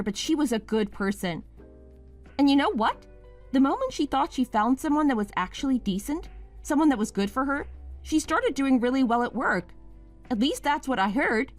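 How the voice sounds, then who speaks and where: A woman playing a young wife in a dramatized story, pleading and then accusing her partner. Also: sits high.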